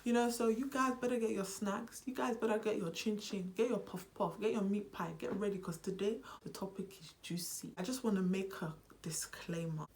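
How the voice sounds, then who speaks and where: A young woman with a British accent chats straight to camera, and she slips into a Nigerian accent as she goes. She talks in an animated, unserious way. Her pitch sits in a middle range for a woman. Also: moderate pace, hardly any pauses. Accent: British, switching into Nigerian. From United Kingdom. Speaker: vlogger. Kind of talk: casual vlog chat.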